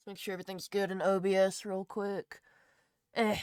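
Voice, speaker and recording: A woman's voice: mid-range voice, little pitch movement, fairly quick, darkish tone, smooth, no echo. A woman streaming live, chatting casually to her viewers in a laid-back, rambling way, swearing now and then. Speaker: livestreamer.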